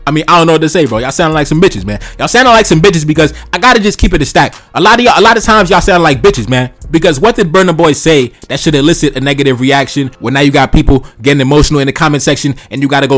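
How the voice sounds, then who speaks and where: A man's voice: medium pitch, fairly bright tone. A Haitian man hosting a reaction video, talking bluntly and profanely, often calling his listeners "bro" and "man". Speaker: channel host reacting to tweets. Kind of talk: reaction commentary.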